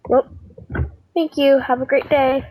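A woman's voice: high voice, flat delivery, a little slow, lo-fi sound. A woman leaving a voicemail for a podcast, speaking shyly and tentatively. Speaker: voicemail caller. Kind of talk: phoned-in voicemail.

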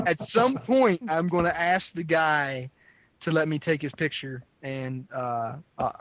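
A man's voice: a little high, slow pace, a bit bright, low-quality recording. A man co-hosting a podcast in casual chat, who laughs often and restarts his sentences. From West Virginia. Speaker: podcast co-host.

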